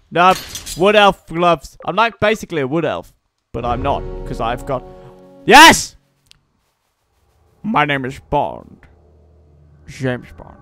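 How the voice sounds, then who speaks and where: A man giving goofy, swearing let's-play commentary, shouting during fights. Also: a little high. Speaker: gameplay commentator.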